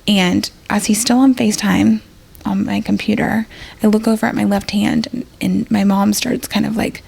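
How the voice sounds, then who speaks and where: Speaking as a podcast guest, this woman has a rough, husky voice in the middle range, with a level, somewhat dark tone and a moderate pace. Her personal story wanders casually, packed with filler words, and she voices everyone's lines as they were spoken. It feels like an ER nurse processing out loud.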